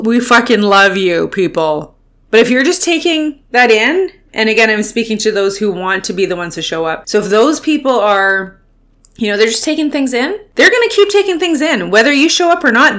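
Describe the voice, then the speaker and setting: A woman's voice: on the high side, fairly bright tone. A woman hosting her own podcast, giving a fired-up, profane motivational pep talk as a speaking coach.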